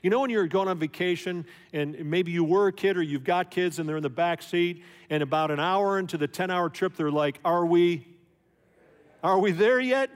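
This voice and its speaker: Male pastor, sermon, chatty and questioning, higher-pitched voice, long church reverb. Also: a little fast, hardly any pauses, smooth. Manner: conversational, animated, rhetorical questions.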